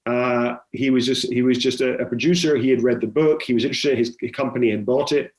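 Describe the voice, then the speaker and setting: A man's voice: mid-range voice, steady tone, fast talker, darkish tone. A middle-aged man, a film director, telling stories in a chatty interview with many restarts. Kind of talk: conversational interview.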